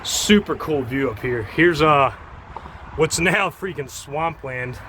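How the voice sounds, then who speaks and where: A man vlogging as he climbs a tall outdoor tower, out of breath, chatty and excited, recorded on a handheld phone. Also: fairly high pitch, takes it slowly, slight background noise. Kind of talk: casual narration while climbing. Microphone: handheld phone camera.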